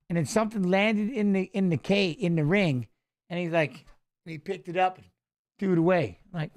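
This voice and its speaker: High-voiced man rambling on a live stream. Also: normal speed, pauses often. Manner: rambling storyteller, excitable, trails off. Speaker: watch-along host, former fighter. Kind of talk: casual live-stream commentary.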